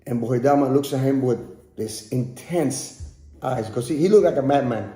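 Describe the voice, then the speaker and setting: A man's voice: medium pitch, normal speed, mellow. A man narrating a story as podcast host, often repeating words as he goes. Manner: repeats and restarts words while telling. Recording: echoey room.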